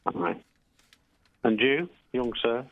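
A man calling in to a radio show, giving deadpan and silly answers to questions. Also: mid-range voice, slow, dry recording, phone-quality sound. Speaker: caller.

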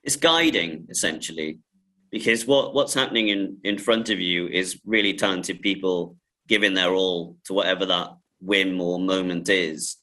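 A film director with a lowish, bright, forward voice. He tells stories in an animated way, laughing often and stumbling into repeats as he talks. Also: moderate pace, rough recording. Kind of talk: casual interview talk.

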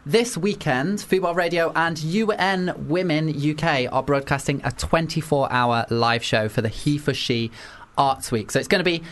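A man hosting a casual radio chat show, chatty and quick to laugh. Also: fairly high pitch, fairly bright tone. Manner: chatty, giggly, jumps in often. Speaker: radio host.

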